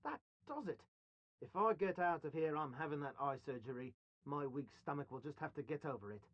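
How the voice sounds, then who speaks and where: A woman's voice: deep voice, lively intonation, brisk, no room sound, dull audio. Exasperated squeamish woman. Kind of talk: video game voice acting.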